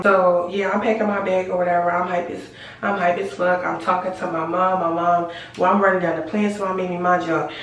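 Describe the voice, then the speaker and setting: Speaking straight to camera, a woman tells a storytime in a loose, animated way, calling viewers "y'all" and filling it with slang and cussing. Her voice sits on the low side, and she's some distance from the mic in a room with heavy echo.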